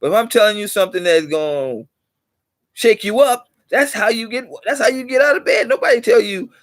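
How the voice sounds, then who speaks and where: Here a middle-aged man running his own channel speaks in a high voice at a fairly quick clip, and the recording is dry. His monologue to viewers meanders and preaches, restating points and livening up to drive them home.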